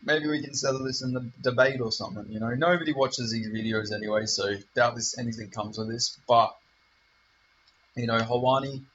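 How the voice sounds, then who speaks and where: Heated swearing man, channel host, rambling rant, bright tense voice, dull lo-fi recording. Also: medium pitch, steady tone, brisk, a little hiss or hum. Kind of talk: profane rant to camera.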